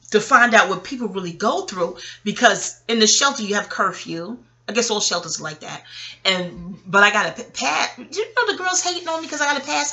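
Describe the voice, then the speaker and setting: A woman, telling a personal story to her viewers in a casual, profane and animated monologue. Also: mid-range voice. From New York. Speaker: vlogger.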